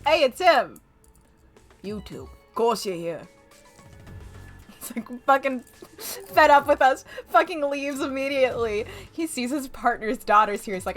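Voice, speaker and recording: A woman's voice: sits high, expressive, a little slow, long pauses, faint music behind. A young woman streaming a game with a lingering cough, commenting casually, giggling and swearing freely. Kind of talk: casual let's-play commentary.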